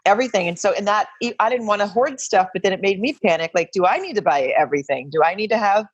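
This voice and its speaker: A woman's voice: medium pitch, quick pace, husky, no echo, lo-fi sound. A middle-aged woman from Arkansas, chatting as a podcast guest in a self-deprecating way, with many trailing restarts. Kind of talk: casual podcast chat.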